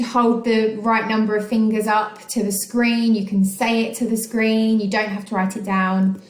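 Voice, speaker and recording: An English woman teaches a recorded children's lesson in a patient, encouraging way, dotted with ums and okays. Her voice sits at a middle pitch. The room around her is echoey. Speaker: primary school teacher. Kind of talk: recorded online phonics lesson.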